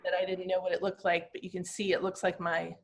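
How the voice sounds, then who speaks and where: A woman in her fifties, a glass artist, talking through slides of her own work in a reflective, halting, personal way. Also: on the low side, monotone. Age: 50s.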